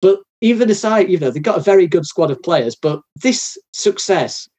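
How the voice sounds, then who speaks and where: A man's voice: high-pitched, animated, normal speed, darkish tone, breathy edge. A man hosting a casual football podcast, often repeating words as he thinks aloud. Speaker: podcast host.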